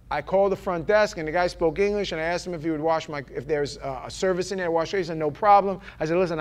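A man preaching a sermon in a loose, conversational way, rambling with restarts and often dropping to a quiet murmur. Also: a little high.

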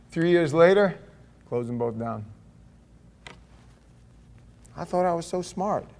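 Animated preaching man, slightly high voice. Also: slow, vocal fry. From Florida. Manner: animated, acts out voices and asides. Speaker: pastor. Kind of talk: sermon.

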